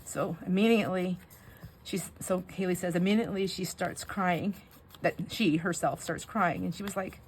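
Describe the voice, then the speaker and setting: While crafting, an older woman vlogger talks casually to her audience in a fairly low voice with fairly even intonation at a moderate pace. She wanders off topic and rambles, emotional underneath, over a faint background hiss.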